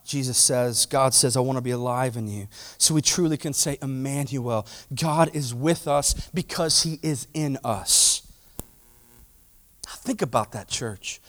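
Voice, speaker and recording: A man preaching a sermon to his church, animated and conversational, acting out voices and swinging between loud passages and hushed ones. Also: sits high. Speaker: pastor.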